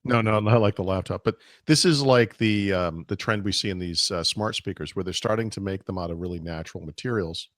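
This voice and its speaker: A very low-pitched man chatting casually about tech as a podcast co-host. His voice is wearing thin and he keeps clearing his throat, looping through fillers and restarts. Close and dry sound. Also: brisk, hardly any pauses, fairly bright tone, no room sound. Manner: rambling with many fillers and restarts.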